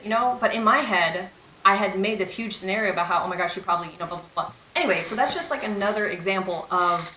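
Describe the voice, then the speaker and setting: A woman's voice: medium pitch, normal speed, sharp tone, echoey room, slight background noise, poor audio. A young woman in a casual storytime vlog, talking candidly and rambling, with lots of "like" and "you know.". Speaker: vlogger.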